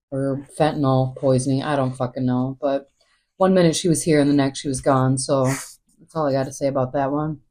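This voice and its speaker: A woman's voice: low voice, a little mellow. A woman hosting her own podcast, talking alone in a candid, rambling way and swearing freely. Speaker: podcast host. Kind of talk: casual solo monologue.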